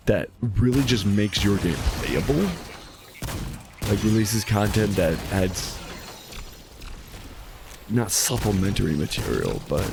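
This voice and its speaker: A man's voice: on the low side, creaky, background noise. A man streaming a game live, chatting casually with a sarcastic, rambling manner and frequent restarts. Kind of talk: casual gaming stream chat. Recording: game music underneath.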